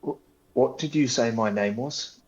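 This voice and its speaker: A man's voice: mid-range voice, a little slow. A man playing a tabletop role-playing game, talking loosely and hesitantly in casual chat. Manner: loose and hesitant, many fillers. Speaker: player. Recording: dull lo-fi mic.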